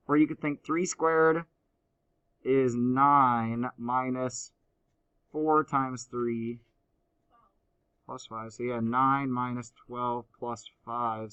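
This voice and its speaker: A man teaching a high school math class, explaining step by step and teasing his students. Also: a bit bright, highs cut off. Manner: playful, teasing banter with students. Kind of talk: classroom lecture.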